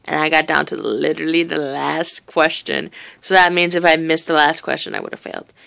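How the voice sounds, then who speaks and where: Teenage girl, vlogger, casual chat, rambling, casual swearing, gravelly vocal fry, lying on her bed. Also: low-pitched, brisk, sharp tone, dry recording.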